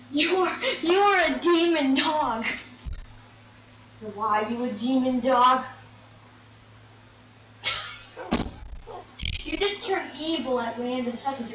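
A woman's voice: high voice, noisy background. A woman giving casual let's-play commentary, chatty, grumbling at the game and scolding the animals on screen. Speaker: gameplay commentator. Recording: dull, echoey, distant mic with game music. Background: game music.

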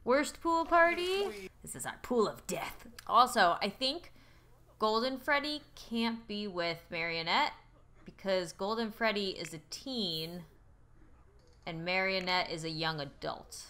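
A woman's voice: mid-range voice, expressive, unhurried, sharp tone. A woman hosting a let's play video, talking through her game and shrieking at it when things go wrong. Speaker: gaming YouTuber host.

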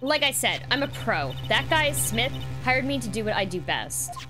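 A woman voicing a sly female card dealer in a put-on bad Russian accent, gruff and clipped, for a game read-through. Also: a little high, big pitch swings, normal speed. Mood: grudging. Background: music.

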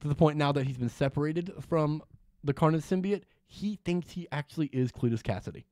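A man's voice: a little high, brisk, a little mellow, dry recording. A man hosting a casual podcast chat, who swears freely, laughs often and retells scenes with energy. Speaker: podcast host.

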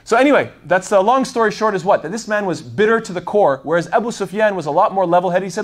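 A man's voice: high-pitched, expressive, fast. A man giving a casual religious lesson, rambling and thinking aloud with plenty of fillers as he tells the story. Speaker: Islamic lecturer. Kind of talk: casual explanatory talk.

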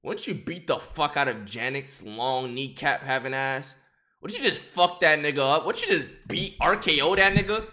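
A young man streaming reaction commentary, profane and excitable, talking straight to his chat. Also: on the high side, normal speed.

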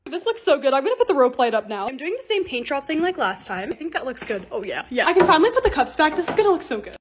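Young woman, high bright voice, fast bubbly vlog talk, faint noise behind. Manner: excitable, gushing, quick asides. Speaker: vlogger. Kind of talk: casual vlog narration.

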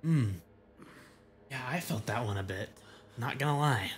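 A man's voice: mid-range voice, lively intonation, measured pace, slight background noise. A young man giving casual let's-play commentary, reacting with crude, sarcastic jokes. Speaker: gaming voice-over streamer.

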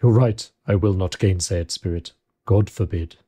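An old miser speaks in a low, clipped voice, as a man reading the story puts him on. The tone is dark and husky. The speech comes in short, emphatic bursts. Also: normal speed. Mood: stirred. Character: old gruff male miser, stirred and uneasy.

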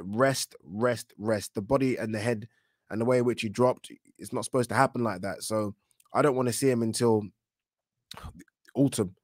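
A man hosting a live stream, chatting about boxing and reading out viewer comments, animated and swearing now and then. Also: medium pitch, no room sound, studio quality. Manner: animated, swears when worked up, many fillers. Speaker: boxing talk show host.

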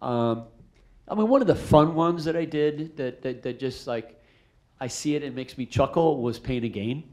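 Middle-aged man, director at a post-screening Q&A; mid-pitched, loose and rambling, animated storyteller. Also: moderate pace. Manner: rambling, animated, lots of fillers and restarts. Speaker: film director answering audience questions. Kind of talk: casual storytelling Q&A. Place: theater after a screening.

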